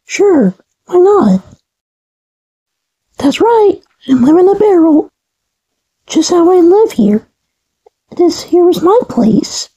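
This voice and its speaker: A woman's voice: extremely high pitch, dark tone, heavily acted. A woman voicing a chirpy, upbeat young cartoon character who talks in an eager, naive, rambling way. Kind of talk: fan cartoon voice acting.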